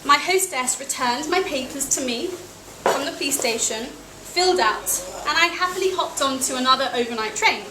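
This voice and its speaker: A young British woman with a high voice tells a travel story to a live audience, wry and self-deprecating. She is heard in an echoey cafe room with a steady noisy hum behind her. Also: normal speed, few pauses. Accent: British English. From England.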